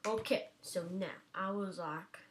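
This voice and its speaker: A woman rambles at an unhurried pace, giggling and narrating her own silly stunts. She speaks into a webcam microphone at home. Loud noise runs under her voice the whole time. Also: medium pitch. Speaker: webcam vlogger. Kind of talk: rambling playful monologue.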